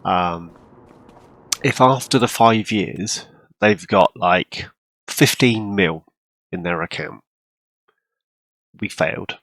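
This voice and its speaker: A man casually commenting on his farming game, rambling with lots of ums and throat-clearing, hiccuping and coughing now and then. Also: low voice, takes it slowly, long pauses, a bit bright, no echo. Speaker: farming game role-play channel host.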